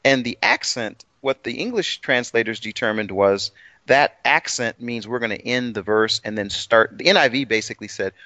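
A man's voice: medium pitch, lively intonation, normal speed, pushed and bright, dry recording. A man co-hosting a casual Bible study chat, rambling and self-deprecating, with plenty of restarts. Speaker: co-host.

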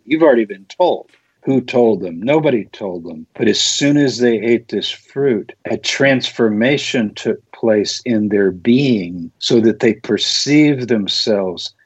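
A low-voiced man talks through a scripture passage like a patient teacher, explaining the wording point by point. The sound is dry and a little dull, as if from a modest lo-fi recording. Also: no echo. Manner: explanatory, lecturing. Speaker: Bible teacher. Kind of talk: conversational scripture discussion.

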